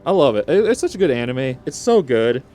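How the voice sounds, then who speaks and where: A man's voice: mid-range voice, very animated, fairly quick, mellow, soft background music. A young man vlogging, rambling and emotional, with frequent restarts and rising exclamations. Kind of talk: unscripted emotional reaction vlog.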